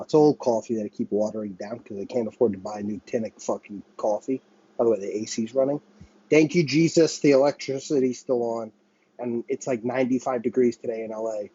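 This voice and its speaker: A man's voice: medium pitch, mellow, husky, dull audio. A man from the United States venting in a rambling, profane monologue, often restarting and apologizing mid-sentence. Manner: profane, rambling, self-interrupting. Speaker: vlogger. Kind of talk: ranting monologue to camera. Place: small apartment with a running window air conditioner.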